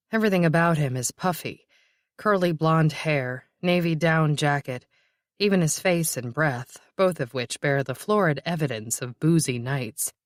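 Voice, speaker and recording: An audiobook narrator reading a novel with even, measured delivery. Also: mid-range voice, no room sound, studio quality.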